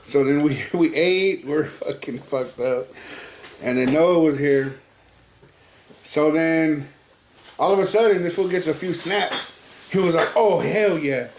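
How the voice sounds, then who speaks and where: A man telling a rowdy story on a casual podcast, lifting his voice to act out what friends said. His voice sits a bit high. The recording carries a roomy echo. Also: a little slow, long pauses, a little hiss or hum. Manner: animated, quotes friends in raised voice, swears freely. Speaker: podcast co-host.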